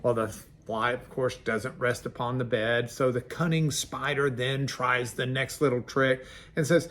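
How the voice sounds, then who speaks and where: Folksy pastor, conversational devotional, mid pitch. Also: male voice, little pitch movement, a little slow, fairly bright tone, a little hiss or hum. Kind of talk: devotional sermon.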